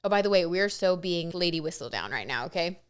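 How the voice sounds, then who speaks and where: A woman vlogger and tarot reader chatting excitedly to camera, full of asides and "like". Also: lowish voice, fast talker, clear, resonant tone. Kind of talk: casual gossip chat to camera.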